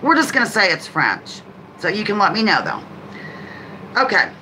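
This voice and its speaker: A woman hosting a live trivia game on a stream, chatting casually, greeting viewers by name and reading each question out slowly. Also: medium pitch, big pitch swings, bright, forceful tone, slight background noise, low-quality recording. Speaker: livestream host.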